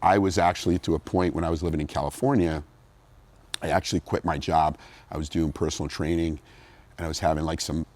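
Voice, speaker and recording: A man's voice: a bass voice, fast. A middle-aged man from New Jersey, a former pro bodybuilder, telling his story in a casual interview and acting out what people said. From New Jersey, USA. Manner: animated storyteller, acts out quotes.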